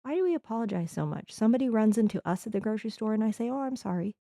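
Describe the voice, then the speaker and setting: A Midwestern podcast host speaks earnestly in a rambling, reflective monologue, restarting her thoughts as she goes. Her voice is slightly high, expressive and dark-toned, and she talks rapid-fire. The recording is dry with clean studio sound.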